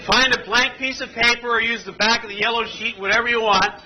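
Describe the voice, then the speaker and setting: A workshop presenter runs an interactive training exercise for an audience seated at tables, telling a story and joking playfully with the room. His voice is extremely high, bright, and forceful, steady in tone and a little fast. Faint music plays behind him, and the audio is poor.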